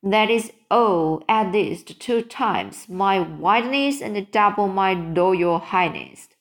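Reading a storybook aloud at a slow pace, a woman with an expressive medium-pitched voice plays a big, friendly male giant. The character sounds muddled, mixing up grammar and inventing words.

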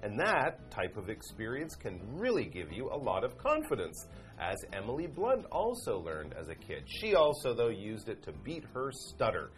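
A man's voice: mid-range voice, normal speed, faint music behind. A man with a North American accent, co-hosting an English lesson and explaining a text in simple words. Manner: lively, reads out phrases and rephrases them simply. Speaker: English teacher co-host.

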